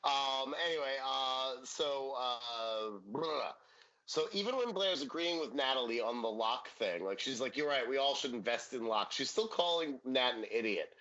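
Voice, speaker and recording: A man's voice: mid-range voice, animated, moderate pace, sharp tone, muffled recording. A man co-hosting a podcast, recapping a sitcom episode in casual chat, joking and swearing as he acts out quotes. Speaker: podcast co-host.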